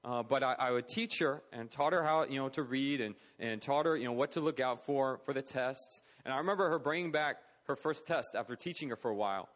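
A middle-aged man, earnest and conversational, recounts a personal story at a charity talk. His pitch sits in an ordinary middle register, and his delivery feels plain and sincere. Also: a little fast, hardly any pauses, fairly bright tone. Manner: earnest, conversational, acts out quoted voices. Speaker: charity speaker.

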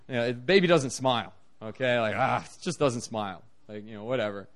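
A man preaching a sermon as a missionary, telling stories in an animated way with big swings in his voice. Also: brisk, hardly any pauses. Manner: animated storytelling, lively pitch swings.

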